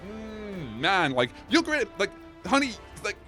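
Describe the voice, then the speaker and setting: A male host of an anime explainer video talks in a loose, ad-libbed way, wandering into side stories and laughing at himself. His pitch leaps up and down with lots of energy. A faint music bed plays behind him. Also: slow pace. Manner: tangent-prone, laughs often, animated swings in pitch. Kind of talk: rambling, ad-libbed commentary.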